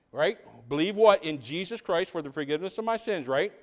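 A man preaching a sermon as pastor, animated, asking the congregation rhetorical questions and dropping into quiet asides. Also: high voice, moderate pace, hardly any pauses.

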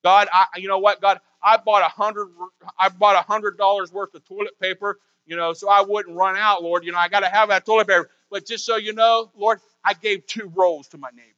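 High-voiced man preaching a sermon. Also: flat delivery, fairly quick, sharp tone, clear, resonant tone. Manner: conversational, with rhetorical questions and repetition. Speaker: pastor. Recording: dull lo-fi recording.

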